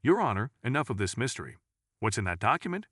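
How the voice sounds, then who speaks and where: A man's voice: mid-range voice, big pitch swings, fast talker, husky, no room sound, clean studio sound. A man voicing an impatient, scornful male prosecutor who speaks sharply. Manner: sneering, sharp.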